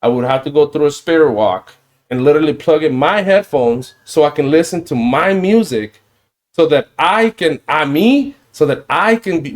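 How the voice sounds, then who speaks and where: A man's voice: fairly high pitch, darkish tone. Rambling man hosting a casual podcast. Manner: rambling, loose, often asks "you know what I mean". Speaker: podcast host.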